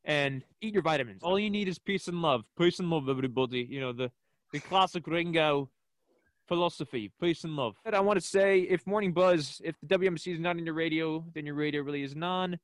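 A man's voice: a little high, brisk, no echo. Upbeat young man chatting on college radio. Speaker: radio show guest. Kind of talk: casual radio chat.

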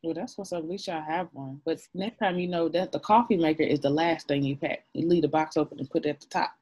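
A woman co-hosting a podcast in casual chat, lively and laughing, getting loud when excited. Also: sits low, fast, slightly rough. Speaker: podcast co-host.

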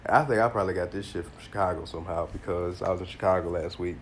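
A man hosting a casual solo podcast, telling stories in a loose, profane, animated way with a congested voice. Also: sits low, quick pace. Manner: animated storytelling, slangy and profane, bursts of laughter. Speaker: podcast host.

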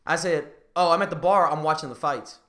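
A man's voice: a little fast, roomy sound. A man hosting a podcast, telling a dating story in casual chat and laughing as he gets worked up. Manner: animated, laughing storyteller, rises high when excited. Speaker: podcast host.

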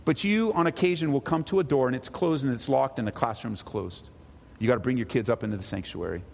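A man, the pastor, preaching a sermon to his congregation in a conversational way, dropping low for asides and rising for exhortation. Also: quick pace, gravelly, a little mellow, big-room sound. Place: church sanctuary.

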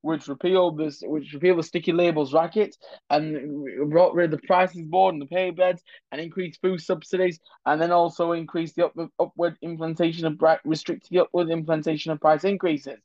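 A man puts on a self-satisfied middle-aged prime minister reading out his list of achievements. The voice sits a bit high and trips over the words as it goes. The recording is dull and dry. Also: steady tone, a little fast, a little mellow, dry recording, lightly acted. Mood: boastful. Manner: listing, stumbling over the words.

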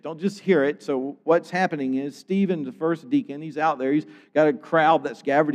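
Animated preacher man in a reverberant hall. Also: a little high. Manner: animated, acts out scenes, swings from loud to hushed. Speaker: pastor. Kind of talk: sermon.

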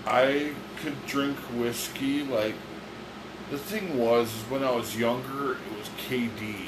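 A man's voice: medium pitch, takes it slowly, background noise. Give me a teasing, bickering man in an echoey room. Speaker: podcast co-host. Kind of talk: casual argumentative chat. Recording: echoey room with humming air conditioner.

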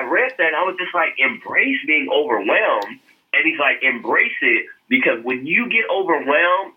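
Male podcast co-host with a sharp, raspy voice, telling his story earnestly and casually over a thin, phone-like line. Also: a little high. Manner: earnest storytelling with frequent laughs and fillers.

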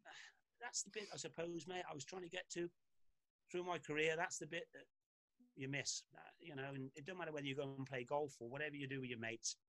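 A man, a former footballer and podcast guest, telling lively anecdotes with frequent laughs in casual talk. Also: fairly high pitch, fast, no echo, rough recording.

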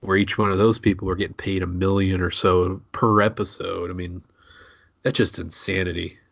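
A man's voice: low voice, little pitch movement, normal speed, gravelly, no echo, highs cut off. A man hosting a casual podcast chat, laid-back and rambling, swearing freely.

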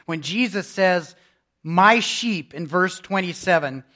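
A man pastor preaching a sermon, emphatic, with loudness that swells and drops. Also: high-pitched, animated, slow.

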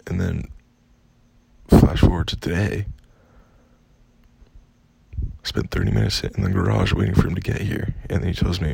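Gravelly, husky young man ranting. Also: low-pitched, very animated, normal speed, long pauses, warm tone. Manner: profane, exasperated venting. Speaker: vlogger. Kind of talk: casual ranting storytime.

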